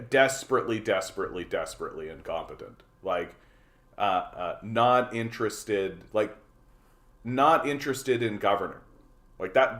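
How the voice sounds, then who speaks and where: A man's voice: lowish voice, fairly bright tone. A Canadian man hosting a political livestream, ranting sarcastically and repeating words as he goes. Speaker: livestream host.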